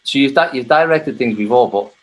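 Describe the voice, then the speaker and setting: A man's voice: mid-range voice, brisk, low-quality recording. A man from Liverpool with a Scouse accent, hosting a casual interview with loose, laughing questions. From Liverpool, England. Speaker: podcast host.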